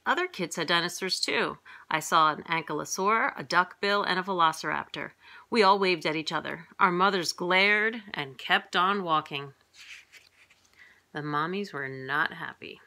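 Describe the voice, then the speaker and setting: A middle-aged woman reading a picture book aloud to young children in a lively way, jumping up in pitch for the characters' lines. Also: normal speed. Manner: lively, voices characters with big pitch jumps.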